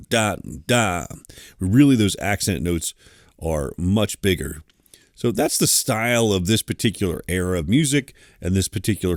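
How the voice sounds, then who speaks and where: Low-voiced man teaching music theory. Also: dry recording, clean studio sound. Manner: scats rhythms aloud between explanations. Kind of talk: online lesson.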